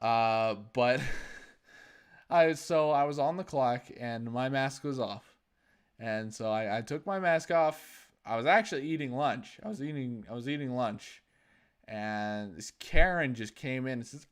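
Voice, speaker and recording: A man's voice: on the high side, normal speed, clean tone. A young man hosting a podcast, telling a story in casual chat with sarcasm and frequent laughter. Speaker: podcast host.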